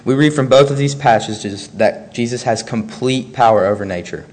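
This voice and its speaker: A man preaching a sermon, reading scripture aloud in a measured, earnest way between his own remarks. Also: medium pitch, a little mellow.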